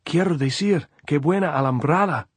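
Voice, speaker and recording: A man voicing a young male Spanish guerrilla messenger who shouts and pleads urgently. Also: on the low side, fairly quick, slightly rough, dry recording. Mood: shouting urgently.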